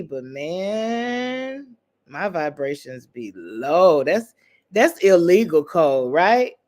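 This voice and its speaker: Playful slangy livestream host, mid-pitched voice. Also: a little mellow. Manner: playful, slangy, teasing, calls viewers girl and sis. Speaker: livestream host reading viewer comments. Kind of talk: casual live chat with viewers.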